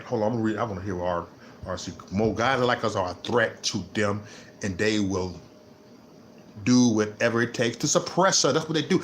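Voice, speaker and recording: A man ranting on his vlog, repeating himself and swinging between low muttering and loud laughing outbursts. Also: slight background noise. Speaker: vlogger. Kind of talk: unscripted livestream rant.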